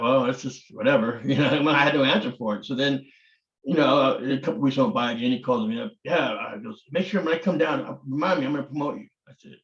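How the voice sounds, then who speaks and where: Blunt older man telling stories, roomy sound. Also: mid-range voice. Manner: blunt, swears casually, acts out quoted dialogue. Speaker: martial arts grandmaster. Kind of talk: candid storytelling interview. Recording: roomy, dull lo-fi audio.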